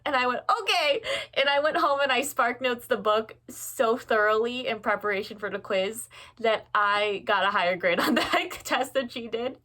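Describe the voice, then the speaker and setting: Chatty, self-mocking young woman, higher voice. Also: normal speed, bright, forceful tone. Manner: candid and self-mocking, laughs often, swears offhandedly. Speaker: book vlogger. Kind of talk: casual chatty vlog. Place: at home beside bookshelves. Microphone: phone camera.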